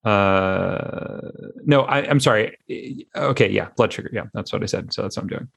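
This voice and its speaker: A man's voice: fairly low pitch, moderate pace, creaky, breathy edge. A man co-hosting a podcast, bantering casually through a game and often groaning and sighing in exasperation. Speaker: podcast co-host.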